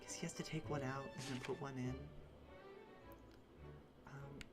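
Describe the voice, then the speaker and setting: A woman's voice: very deep voice, fairly even intonation, normal speed. A young woman streamer giving casual game commentary with chatty, self-mocking asides. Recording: clear game music behind.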